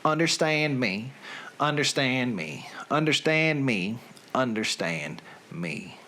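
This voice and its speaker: A man putting on a thick Southern US accent, reading song lyrics in a slow, drawn-out, deadpan recital. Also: medium pitch, a little hiss or hum, exaggerated voice. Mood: drawling. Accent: Southern US, put on. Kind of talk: comic dramatic reading.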